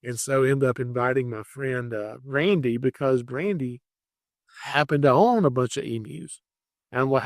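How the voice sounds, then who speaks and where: A man hosting a podcast, telling rambling, animated stories about catching animals in a casual way. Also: medium pitch, moderate pace, dry recording, studio quality. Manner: animated, rambling anecdotes with restarts. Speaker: podcast host, wildlife catcher. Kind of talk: casual storytelling.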